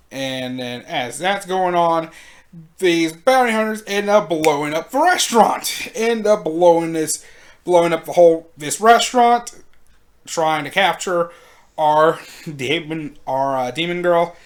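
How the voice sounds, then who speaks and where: A host giving casual video commentary in a slangy, animated way, laughing often. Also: mid-range voice, measured pace.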